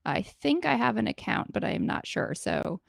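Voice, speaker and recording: Woman with a strong vocal fry, chatting. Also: a little high, normal speed, no echo, studio quality. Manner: relaxed and chatty, many fillers and restarts. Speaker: podcast guest, positioning consultant. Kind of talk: casual interview chat.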